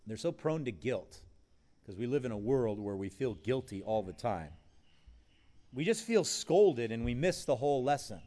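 A man preaching a sermon in a conversational way, acting out quoted voices with sudden rises in pitch. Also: a little mellow. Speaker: pastor. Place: event with food nearby.

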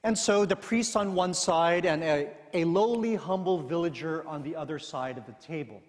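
Measured preacher in an echoing sanctuary. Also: male voice, fairly high pitch. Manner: measured, deliberate delivery. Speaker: pastor. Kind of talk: sermon with scripture reading and storytelling.

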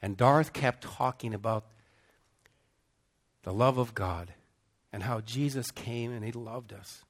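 A middle-aged man preaching, telling a story with emphatic swings between loud bursts and hushed, slow passages. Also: mid-range voice. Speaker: pastor. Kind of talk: sermon storytelling.

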